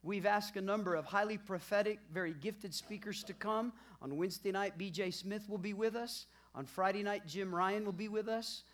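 A pastor delivering a sermon in a bright, forceful voice. Mid-pitched and emphatic, the pastor repeats key lines with growing intensity, in the steady rhythm of pulpit preaching. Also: normal speed, hardly any pauses. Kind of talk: sermon with church announcements.

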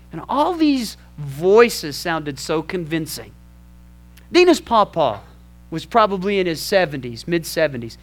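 A male pastor telling a personal story in a sermon, animated and asking the congregation rhetorical questions. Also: high-pitched.

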